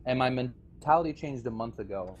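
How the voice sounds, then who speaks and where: A man speaks into a voice-chat microphone, delivering an aggrieved, rambling speech to a community of players. His pitch sits in an ordinary middle range, and he stumbles through restarts and nervous laughs. A faint hiss runs under the voice. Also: animated, fairly quick, highs cut off. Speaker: former game server staff member addressing players.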